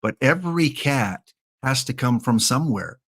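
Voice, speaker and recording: A man livestreaming a game from home, talking in a relaxed, mid-range voice. He rambles, jokes and gives viewers shout-outs between picks. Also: mid-range voice, moderate pace. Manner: chatty, jokey, thanks viewers by name. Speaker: streamer. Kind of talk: casual live-stream chat while playing.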